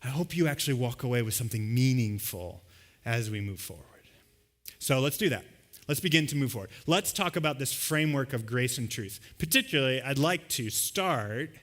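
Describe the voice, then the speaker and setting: Bright-voiced pastor preaching conversationally. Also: male voice, mid-range voice, lively intonation, moderate pace. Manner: conversational, acts out everyday scenes. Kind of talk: sermon. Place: church service with a live congregation.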